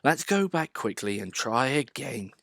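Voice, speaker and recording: A man doing a calm engine driver. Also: mid-range voice, unhurried, vocal fry, dry recording, studio quality, exaggerated voice. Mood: reassuring. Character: calm, reassuring adult male engine driver.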